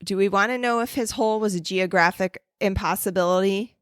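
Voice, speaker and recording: A woman's voice: medium pitch, a little fast, clear, resonant tone, dry recording. Casual woman reading a story, dry sound. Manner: reads notes aloud with casual asides and swearing. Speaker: podcast co-host.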